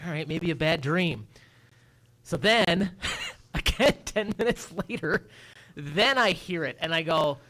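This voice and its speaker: A man co-hosting a casual morning radio show, telling a story with lively acted-out voices. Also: a little high, unhurried. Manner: animated storyteller, acts out his own voice and sounds. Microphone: studio microphone.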